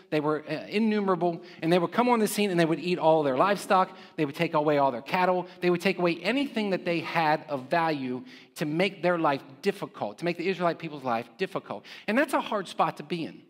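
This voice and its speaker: Man, preacher, sermon, high voice, conversational, rhetorical questions, long church reverb. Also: animated, brisk. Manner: conversational, with frequent rhetorical "right?" check-ins. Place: church sanctuary.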